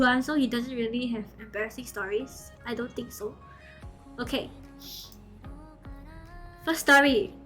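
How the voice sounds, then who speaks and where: A young woman chats to her stream in a high, bright-toned voice. She is animated and giggly and keeps checking in with okay and like. Soft music plays faintly behind her. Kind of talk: casual storytelling to chat.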